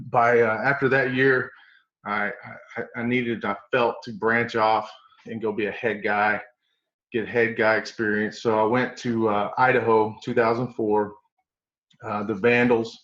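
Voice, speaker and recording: A middle-aged man with an East Tennessee Southern accent recounts his coaching career in a folksy, animated way. His voice sits at an ordinary pitch. The recording is roomy and a bit dull. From East Tennessee, USA. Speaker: strength coach guest. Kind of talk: storytelling interview.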